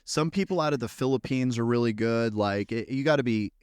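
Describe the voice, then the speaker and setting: A man's voice: mid-range voice, fairly quick, clear, resonant tone, no room sound, clean studio sound. A young adult man hosting a podcast, telling casual stories and acting out the people he quotes. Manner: animated anecdote-telling, acting out quoted exchanges. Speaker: podcast host and wedding videographer. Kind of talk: casual conversational storytelling.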